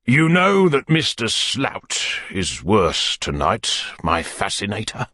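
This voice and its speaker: A man voicing a pompous, amorous middle-aged parish beadle who woos in courtly, wheedling tones that sink to soft murmurs. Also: fairly low pitch, huge pitch swings, takes it slowly, husky, no echo, studio quality, full character voice. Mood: rapturous.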